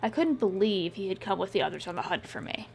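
Woman narrating with a gravelly voice. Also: medium pitch, expressive, fast, slight background noise. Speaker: audiobook narrator. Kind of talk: first-person scripted narration.

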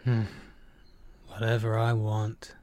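A man voicing a confident, possessive young man with a velvety, growling baritone that teases and commands. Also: completely flat delivery, takes it slowly, a little mellow, no echo. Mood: playful. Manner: teasing, intense, commanding.

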